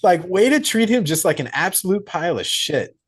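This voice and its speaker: A man's voice: high voice, very animated, brisk, breathy edge. A man co-hosting a casual movie review podcast, acting out scenes in put-on voices and swearing freely. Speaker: podcast co-host.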